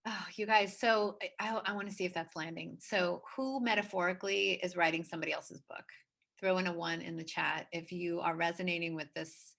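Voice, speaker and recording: A woman's voice: lowish voice, steady tone, fairly quick, vocal fry, fairly bright tone. A woman hosting a live online session, gushing and speaking straight to her audience. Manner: gushing, addresses audience directly. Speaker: host of live online workshop. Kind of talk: enthusiastic live-stream hosting.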